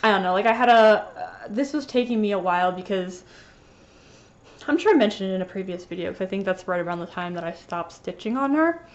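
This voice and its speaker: A woman vlogs casually about her cross-stitch finishes, a rambling show-and-tell with a slight lisp and plenty of fillers and restarts. Her medium-pitched voice is lively and fairly quick, and she sounds sniffly after sneezing. The audio's highs are cut off.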